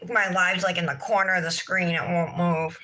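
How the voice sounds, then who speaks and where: Woman, nail livestream host, bright and sharp tone, frazzled and venting to chat. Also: on the low side, level tone, normal speed, low-quality recording. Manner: exasperated, talks to herself and the chat. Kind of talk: casual livestream chat to viewers.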